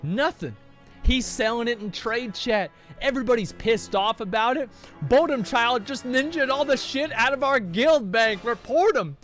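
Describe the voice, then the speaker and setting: A man telling a rowdy gaming story on a stream in casual chat, profane and animated. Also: extremely high pitch, moderate pace, soft background music. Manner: profane, animated, acts out quoted voices.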